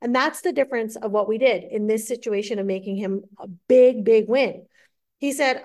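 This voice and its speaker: A woman with a fairly high voice recounts a business story with real drive. She slips into the voices of the people in it as she tells it, keeping an interview-guest tone. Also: normal speed. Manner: energetic, acts out client dialogue. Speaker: guest entrepreneur.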